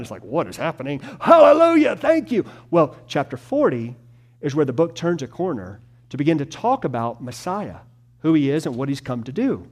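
Man preaching, hushed to emphatic. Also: sits high. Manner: shifts from hushed, slow tender passages to loud emphatic preaching. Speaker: pastor. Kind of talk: sermon.

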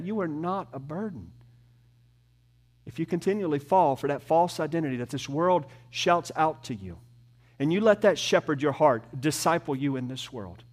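A man's voice: fairly high pitch, animated, moderate pace. Earnest man preaching a sermon. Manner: earnest preaching, swelling then dropping to soft emphasis. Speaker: pastor.

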